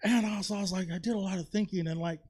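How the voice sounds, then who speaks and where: High-pitched guy doing stand-up, chatty and confessional, lots of "you know? right?", stage mic. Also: fairly even intonation, very fast, a little mellow, breathy edge. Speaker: stand-up comedian. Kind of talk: stand-up set. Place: comedy theater stage.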